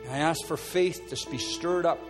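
A man's voice: moderate pace, music in the background. A man preaching a sermon as pastor, calling people forward and then praying earnestly over them. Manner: earnest preaching, drops soft and low for quoted prayers. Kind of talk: sermon with altar call and prayer.

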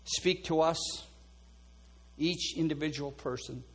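Speaking slowly with a breathy edge, this man preaches as a pastor, inviting people to come forward before praying over them with real earnestness. His quoted prayers sink to a soft, low register in this altar-call sermon.

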